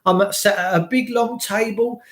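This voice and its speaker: A man's voice: high-pitched, fairly even intonation, normal speed. A man delivering an impassioned, ranting monologue, full of swearing and rhetorical questions.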